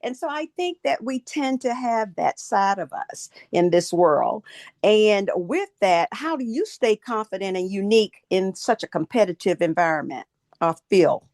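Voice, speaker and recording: A woman's voice: mid-range voice, lively intonation, a little slow, darkish tone, dry recording, studio quality. A woman co-hosting a podcast, telling chatty personal stories before asking the guest a question. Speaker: podcast co-host. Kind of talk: casual interview chat.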